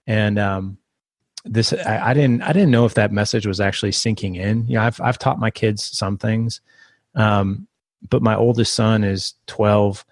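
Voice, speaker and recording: A man's voice: on the low side, measured pace, no echo, clean studio sound. A man in his thirties, a podcast guest, telling stories in a rambling, chatty way with lots of restarts. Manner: rambling, restarts, animated when quoting. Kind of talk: casual storytelling interview.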